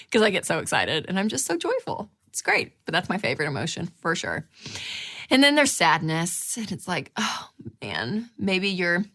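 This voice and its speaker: A show host in her thirties talks casually and animatedly to camera, acting out inner voices with big leaps in pitch.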